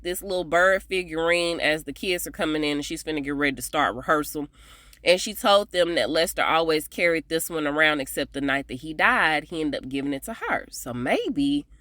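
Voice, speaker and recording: A woman recapping a TV episode in a casual, chatty way, animated and often laughing as she talks to her viewers. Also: low-pitched, dry recording. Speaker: TV episode reviewer.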